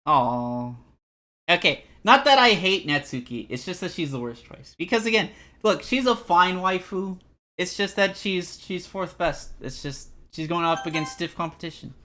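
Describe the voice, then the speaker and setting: A young man with a high-pitched voice streams a game live at normal speed. He rambles through animated, self-deprecating commentary and reads the game's text out loud.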